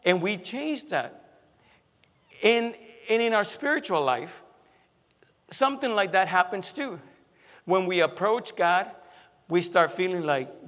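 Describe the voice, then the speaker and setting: Higher-voiced man preaching in a hall. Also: animated, measured pace, pauses often, fairly bright tone. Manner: conversational, repeats phrases for emphasis, many fillers. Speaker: pastor. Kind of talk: sermon. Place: church sanctuary. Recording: long hall reverb.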